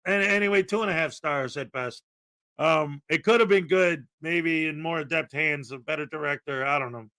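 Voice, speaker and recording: Excitable high-voiced man hosting a live stream. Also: normal speed. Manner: excitable, bursts into loud exclamations; chatty and rambling, many fillers. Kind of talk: casual live-stream chat, greeting viewers.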